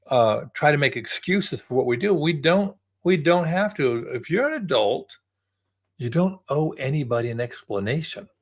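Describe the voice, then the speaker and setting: Sixties vlogger, gravelly and a bit high, rambling and reflective. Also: male voice. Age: 60s. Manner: rambling, repeats words, reflective. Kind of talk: casual talk to camera.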